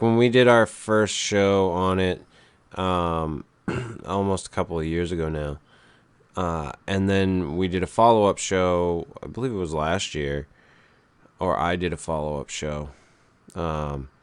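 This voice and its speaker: A man hosting a casual webcast, speaking in a calm, low-key radio-style delivery that rambles with fillers and the odd swear. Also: smooth, no echo. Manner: rambling, with frequent fillers and profanity. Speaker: podcast host.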